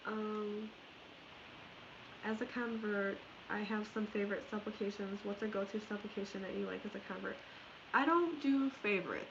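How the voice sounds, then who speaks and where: A young woman, a YouTuber answering viewer questions in a candid live Q&A, speaking with a slightly stuffy, hoarse voice from allergies. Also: mid-range voice, moderate pace, muffled recording, background noise. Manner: candid, chatty, many fillers and restarts. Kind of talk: casual live Q&A chat. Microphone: headphones with mic.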